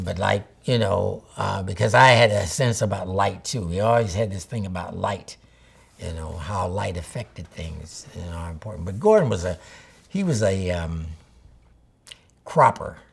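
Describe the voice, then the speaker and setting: Older man, gravelly and husky, low voice; a photographer reminiscing in a rambling, storytelling way. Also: fairly bright tone. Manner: rambling storyteller, acts out old conversations. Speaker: photographer interviewee. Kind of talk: reminiscing interview.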